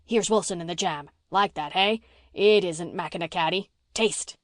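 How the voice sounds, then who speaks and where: A woman voicing a blustering, gruff old farmer man in an audiobook, bossy and teasing, repeating himself as he talks. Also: lowish voice, normal speed, dry recording, clean studio sound, natural voice. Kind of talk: audiobook reading.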